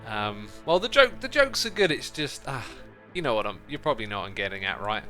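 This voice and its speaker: Streamer host, man, bright and bouncy delivery, chatty and easily distracted, faint music underneath. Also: lowish voice, very animated, brisk. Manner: chatty, playful, easily sidetracked. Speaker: livestream host. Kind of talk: casual gameplay livestream commentary.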